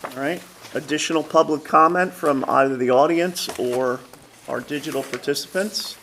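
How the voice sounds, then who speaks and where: A man chairing a borough council committee meeting, running motions and votes with a wry, deadpan humor. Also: a little high, normal speed. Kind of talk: meeting chair, dry joking. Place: council chamber. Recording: noisy council meeting recording.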